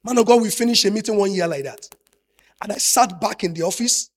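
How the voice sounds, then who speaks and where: High, husky preacher man. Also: fairly quick. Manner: swings from soft asides to shouted emphasis. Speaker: pastor. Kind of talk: sermon.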